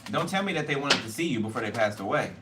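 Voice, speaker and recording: A man's voice: mid-range voice, animated, quick pace. A man doing a casual tarot card reading, blunt and profane and repeating himself a lot. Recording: noisy, distant mic.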